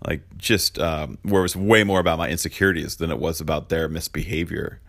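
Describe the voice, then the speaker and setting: A man in his thirties with a bass voice, creaky and a bit bright, speaks fairly quickly as a pastor preaching a sermon. His style is loose, conversational and confessional, packed with fillers like "like" and "man".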